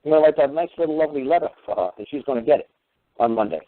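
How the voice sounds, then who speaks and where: A man's voice: a little high, rapid-fire, no room sound. A man holds forth on a talk radio show, sarcastic and crude. His dry voice comes through narrow and phone-like, with no room sound around it. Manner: combative, mocking, crude. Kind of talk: ranting radio lecture. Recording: tinny phone-line radio audio.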